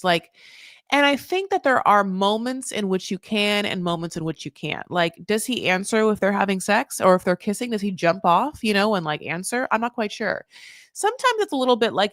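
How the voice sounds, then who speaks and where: A woman hosting a casual recap show, talking in an animated, gossipy way with sudden jumps in pitch and loudness, dropping "honey" and "like" all the time. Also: no echo, studio quality. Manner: says "honey" and "like" often. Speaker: podcast host recapping a reality show. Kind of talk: casual commentary.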